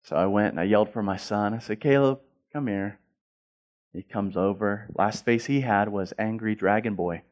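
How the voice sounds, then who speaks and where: Animated man preaching a sermon. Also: fairly low pitch, normal speed, few pauses, muffled recording. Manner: animated storytelling, swings from loud to hushed; repeats words and restarts. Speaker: pastor.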